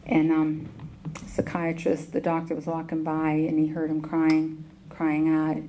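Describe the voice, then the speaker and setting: A middle-aged woman with a Southern US accent speaks in a low-pitched voice, stopping and restarting with plenty of ums as she tells her own story to a meeting. The recording is noisy, with a steady hiss running under her voice. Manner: halting, many ums and restarts. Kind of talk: personal testimony talk. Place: meeting hall.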